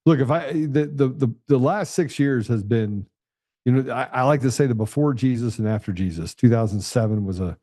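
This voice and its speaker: A male host talking earnestly in a casual interview, halting and restarting often. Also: medium pitch, mellow, no room sound, studio quality.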